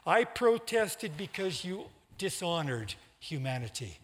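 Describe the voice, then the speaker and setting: A man voicing a calm, defiant male church organist in a read-aloud story, speaking firmly and with measure. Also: on the high side, measured pace, voice pushed up. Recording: long hall reverb.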